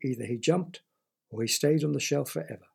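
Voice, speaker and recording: A man's voice: mid-range voice, fairly quick, gravelly, breathy edge. A man reading a children's story aloud, with playful asides to the listener.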